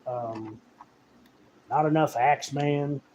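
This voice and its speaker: A man's voice: mid-range voice, slow pace, background noise. A man giving a casual, profane, rambling rant as a horror writer reviewing a film.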